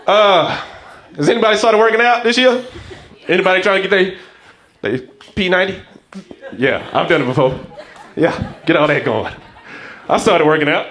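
Brief: male stand-up comic, high, bouncing voice, animated live set. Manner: animated storytelling, acts out characters. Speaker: stand-up comedian. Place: comedy stage before a live audience.

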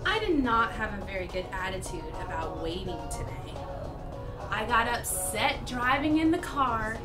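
A woman presenting a children's church lesson, talking in a lively, exaggerated storytelling way and acting out her frustration. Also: fairly high pitch, moderate pace, recorded from a distance, over loud music.

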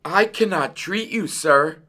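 A man's voice: mid-range voice, very animated, a little slow, fairly bright tone, breathy edge, voice pushed up, full character voice. A man voicing a small, brave male mouse dentist who speaks firmly and carefully. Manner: firm, careful.

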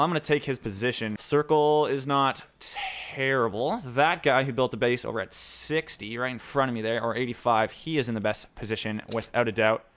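A young man hosting a gaming channel, excitedly narrating his own gameplay and reacting out loud to every shot. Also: mid-range voice. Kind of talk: live gameplay commentary.

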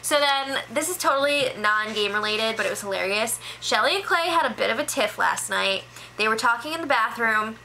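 Bright-voiced chatty woman recapping. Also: a little high, lively intonation, slight background noise, low-quality recording. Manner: chatty, filler-heavy, quick impressions of people she quotes. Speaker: reality show recap host. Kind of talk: casual spoiler recap.

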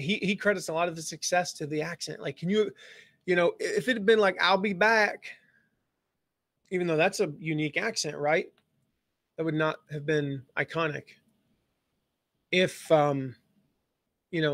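A man's voice: a little high, dry recording, studio quality. A man giving a casual live-streamed marketing lesson, chatty, with many fillers and restarts. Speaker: marketing coach.

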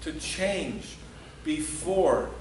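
Male pastor, high voice, unhurried, emphatic sermon delivery, echoey hall recording from a distance. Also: animated, darkish tone, slight background noise. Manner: earnest, emphatic preaching with acted-out quotes. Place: church sanctuary.

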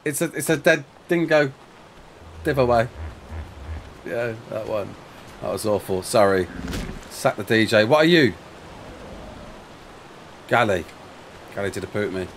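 Lively, chatty man streaming a game. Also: on the low side, slight background noise. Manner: chatty, rambling, talks to chat and himself, quick exclamations. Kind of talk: casual live-stream chat while playing.

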